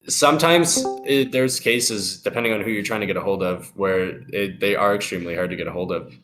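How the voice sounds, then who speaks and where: A man's voice: fairly low pitch, fairly bright tone, a little hiss or hum. A young man giving loose, profane sales advice on a live call, acting out phone calls. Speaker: sales expert guest.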